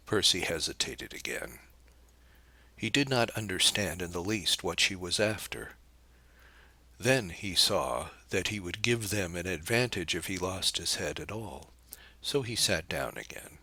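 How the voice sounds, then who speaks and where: Man reading a novel aloud, deep and slow, dry close mic. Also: animated, bright, forceful tone, husky, dry recording. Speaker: audiobook narrator. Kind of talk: scripted narration of a novel.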